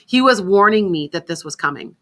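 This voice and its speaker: Rambling woman psychic host, bright forceful voice, casual radio chat, keeps restarting sentences. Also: medium pitch, animated, fairly quick. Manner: chatty, rambling, self-interrupting.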